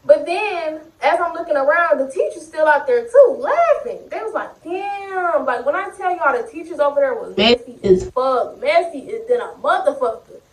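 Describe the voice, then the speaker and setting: A young woman vlogger telling a story in a casual, animated, profane and slangy way. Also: high-pitched, moderate pace, hardly any pauses, distant mic. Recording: echoey room, a little off-mic.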